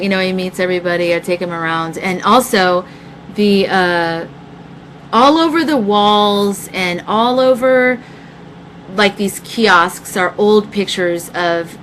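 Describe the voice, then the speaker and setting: A woman's voice: lowish voice, slight background noise, low-quality recording. A young woman telling a long story on her live stream, rambling and profane as she chats with her viewers. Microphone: webcam mic.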